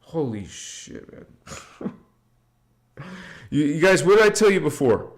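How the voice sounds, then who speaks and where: A man hosting a spiritual livestream, talking loosely and slangily, swearing now and then, and leading slow chanted affirmations. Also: fairly high pitch, very animated. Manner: loose and slangy, swears, drifts between chat and slow incantation.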